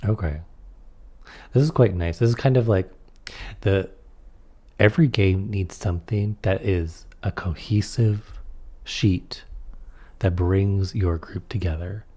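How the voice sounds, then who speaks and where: A man with a deep, mellow voice reads a tabletop rulebook aloud slowly, leaving long pauses. Between passages he offers offhand comments on how the rules work.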